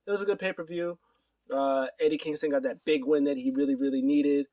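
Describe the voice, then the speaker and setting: A man's voice: a little high, steady tone, brisk, dark tone, no echo, far from the mic. A man casually recapping wrestling news to his camera, rambling with many fillers and acting out quotes. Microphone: camera mic.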